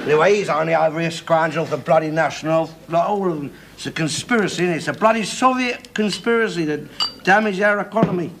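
An actor playing a bigoted, middle-aged father who rants in loud, swearing tirades. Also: a little high, fast, some chatter behind. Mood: ranting. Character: bigoted middle-aged working-class London father, ranting. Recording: noisy old TV sitcom soundtrack.

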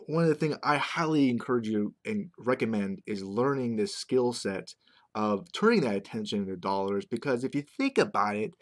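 A man in a casual talking-head monologue, rambling conversationally as a marketing vlogger. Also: mid-range voice. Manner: rambling, conversational, keeps checking in with "right?".

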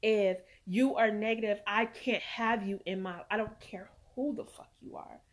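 A woman's voice: medium pitch, fairly even intonation, moderate pace. A woman vlogging as a mother, talking earnestly and emphatically, swearing at times and close to tears. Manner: earnest, emphatic, swings from loud to quiet. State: near tears. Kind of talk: emotional personal vlog talk.

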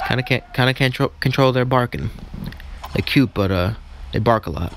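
A man's voice: mid-range voice, moderate pace, a bit bright, slight background noise. A man giving goofy, rambling commentary on a mobile racing game at home, cheering at the screen and joking between races. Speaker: mobile game let's-player. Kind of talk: casual live gameplay commentary. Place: at home with barking dogs.

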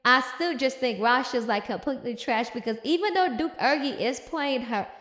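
A woman's voice: high voice, moderate pace, a bit bright. A woman hosting a casual comic recap, sassy and slangy, laughing at the characters. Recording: roomy echo.

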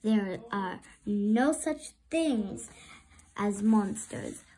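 A woman's voice: mid-range voice, lively intonation, drawn-out words, mellow, a little hiss or hum. A woman voicing a kindly young mermaid in a light, reassuring voice. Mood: amused.

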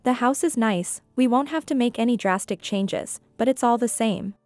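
A woman voicing a gentle, hurt middle-aged divorced mother in a read-aloud story, speaking in a soft, measured way. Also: fairly high pitch, dry recording, soft background music, close to an everyday voice.

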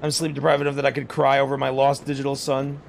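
A man's voice: mid-range voice, quick pace, vocal fry, background noise. A young man casually commenting on his game stream. He rambles, swears freely and yelps in surprise at what happens on screen. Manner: excitable, rambling and profane; exclaims loudly at game events.

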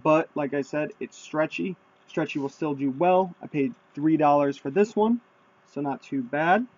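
A man casually showing off his thrift haul to viewers, chatty and excited, in a room at home. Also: on the high side, moderate pace. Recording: dull lo-fi sound.

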